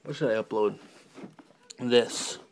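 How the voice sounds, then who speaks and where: Alone in front of a handheld camera, a man with a low, gravelly voice vlogs playfully at a moderate pace. He rambles, drifts into whispers and goofs around with mock accents, joking about how he tries other accents. A slight hiss or hum is audible.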